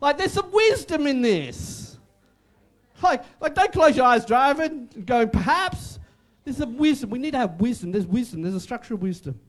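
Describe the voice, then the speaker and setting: A man's voice: very high voice, lively intonation, moderate pace. A man preaching a sermon as pastor, emphatic and repetitive, with joking asides.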